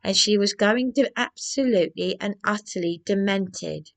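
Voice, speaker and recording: A woman's voice: mid-range voice, moderate pace, vocal fry. A woman with an agitated, aggrieved manner, rambling through a personal vlog monologue. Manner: agitated, aggrieved ranting with many restarts. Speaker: vlogger.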